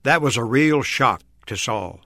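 A man's voice: medium pitch, expressive, measured pace, bright, forceful tone, dry recording, clean studio sound. A man explaining a Bible passage in a discussion, earnestly repeating key phrases for emphasis. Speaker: Bible teacher guest.

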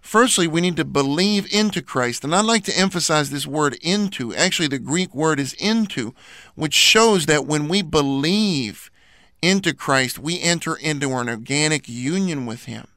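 A man's voice: a little high, animated, normal speed, pushed and bright, no room sound. A man co-hosting a Christian program, explaining a teaching in an earnest, scripted way. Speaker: radio program co-host.

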